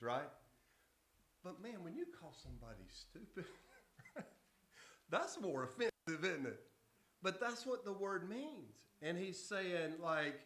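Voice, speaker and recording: A man's voice: sits high, expressive, measured pace, fairly bright tone. A man preaching to an adult church group, telling stories in a folksy, conversational way. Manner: folksy, conversational storytelling with self-interruptions. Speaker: pastor. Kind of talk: casual Bible teaching to adults. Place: church hall. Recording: echoey church room.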